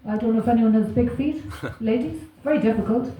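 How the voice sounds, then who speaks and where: An Irish woman works through a stand-up set in a very echoey club, her slightly high voice carrying from a little way off the mic. She is self-deprecating and wry, chuckling through her punchlines. A faint hum of the room sits behind her. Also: brisk, mellow, far from the mic. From Ireland. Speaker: stand-up comedian. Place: comedy club stage.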